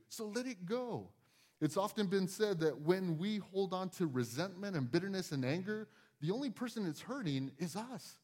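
A male pastor delivering a sermon in a church, speaking in a loose, conversational way. His voice sits a little high for a man and moves up and down a lot. He keeps acting out small scenes as he talks. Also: darkish tone.

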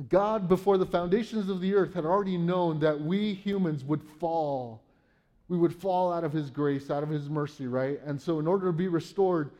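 A man with a warm, slightly high voice preaches a sermon, reading Bible verses aloud and then paraphrasing them conversationally. He often checks in with listeners by asking "right?".

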